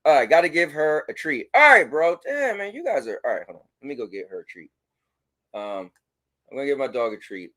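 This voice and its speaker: A man hosting a casual livestream, reading chat messages aloud and giving shout-outs. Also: medium pitch, a little fast. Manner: animated, talks to his dog. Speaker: livestream host.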